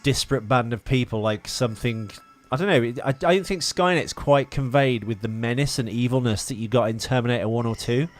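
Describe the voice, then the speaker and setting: A man's voice: mid-range voice, fairly quick, few pauses, soft background music. A man co-hosting a podcast, chatting casually about films and talking in a rambling, hesitant way full of fillers and restarts. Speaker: podcast co-host. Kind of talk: casual film chat.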